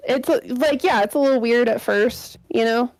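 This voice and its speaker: A woman's voice: on the high side, normal speed, a little mellow, rough recording. A woman co-hosting a podcast in playful, rambling casual chat, laughing often. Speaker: podcast co-host.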